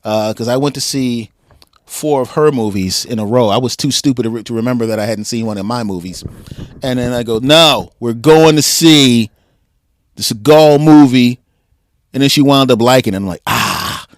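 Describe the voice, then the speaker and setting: Podcast host guy, laughs a lot, kinda rambly with ums, normal pitch, dry mic. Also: fast, no room sound. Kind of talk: casual podcast interview.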